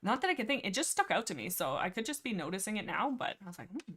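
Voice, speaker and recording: A woman's voice: medium pitch, very animated, fast, fairly bright tone, husky. A woman hosting a livestream, chatting casually and rambling through a book discussion with many fillers and restarts. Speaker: livestream host.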